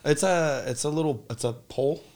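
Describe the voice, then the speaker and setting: A man co-hosting a podcast, joking around in relaxed, casual chat. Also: a little high, moderate pace. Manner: laid-back, joking banter. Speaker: podcast co-host.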